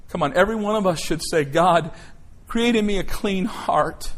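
A man preaching a sermon as pastor, emotional and emphatic, swelling from quiet to loud declarations. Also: high-pitched, normal speed.

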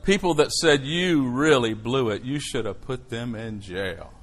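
A middle-aged man preaching a sermon, telling a personal story in an animated way that swings from hushed lines to shouts. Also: mid-range voice, unhurried, poor audio.

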